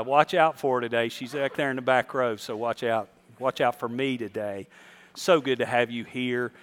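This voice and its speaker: A man's voice: mid-range voice, fairly bright tone, clean tone. A middle-aged man, a pastor telling a funny story from the pulpit to his congregation during a church service. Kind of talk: sermon.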